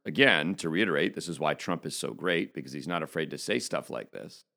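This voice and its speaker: A man's voice: rumbling low, lively intonation, fairly quick, gravelly, bright, forceful tone. A man giving an indignant opinion monologue as a political commentator, speaking emphatically. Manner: emphatic, indignant, reads quotes aloud.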